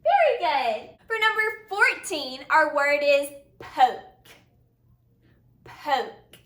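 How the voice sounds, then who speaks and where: Teacher lady doing a kids phonics lesson, high lively voice, echoey room. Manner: slow, upbeat, encouraging, praising often. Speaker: first-grade teacher. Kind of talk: phonics lesson for young children.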